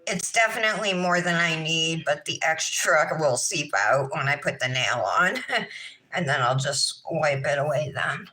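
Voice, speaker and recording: Woman, 30s, nail vlog host; sing-song, chatty, bright tone sitting a little low. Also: measured pace, low-quality recording. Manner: sing-song, chatty, talks to chat viewers. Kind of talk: casual livestream chat while doing nails.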